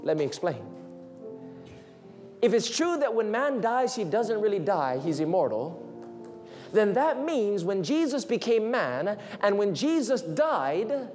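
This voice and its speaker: A man preaching an evangelistic sermon in an earnest way, often dropping to a hush as he addresses his listeners as friends. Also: high-pitched, very animated, a little slow, soft background music. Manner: earnest, drops to a hushed tone on "friends".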